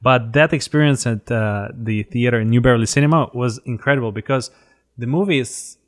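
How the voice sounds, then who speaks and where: Man, Russian accent, interview host, casual, halting delivery. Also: mid-range voice. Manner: halting, with many restarts and fillers.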